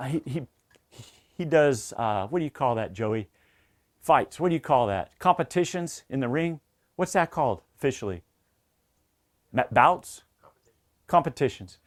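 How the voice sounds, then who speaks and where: A middle-aged man giving an emphatic, coach-like safety training talk, repeating key points. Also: a little high. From Southern United States. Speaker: safety instructor.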